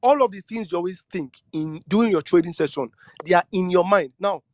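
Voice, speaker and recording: A man's voice: high-pitched, fairly quick, a little mellow, no room sound. A man giving an earnest lecture on trading psychology, often repeating himself and asking listeners questions. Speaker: trading teacher. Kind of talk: lecture-style talk to trading students.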